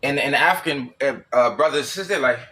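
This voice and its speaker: Man ranting in a forceful bright voice. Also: medium pitch, fast talker. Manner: blunt, profane and repetitive, circling back over points. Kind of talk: solo ranting monologue.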